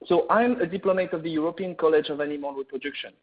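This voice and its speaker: A middle-aged man from France with a French accent, giving a veterinary webinar lecture in an earnest manner, often pausing with "uh" and restarting. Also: on the high side. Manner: earnest, many "uh" fillers and restarts. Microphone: video call or webinar mic. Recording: tinny phone-like webinar audio.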